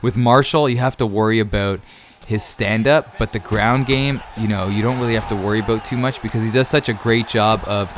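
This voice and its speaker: A man in his thirties answering viewer questions in a rambling, easily excited way with many fillers. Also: on the low side, a little fast, background noise. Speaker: YouTube gaming creator. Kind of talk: casual Q&A over gameplay.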